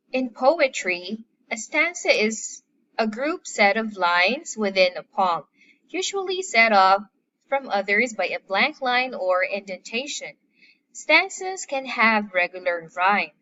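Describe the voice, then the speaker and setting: A woman teaching a recorded lesson. She speaks deliberately and stresses each term in a list. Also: fairly high pitch, bright, forceful tone, slight background noise. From Philippines. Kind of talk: recorded classroom lecture. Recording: slightly muffled lo-fi audio.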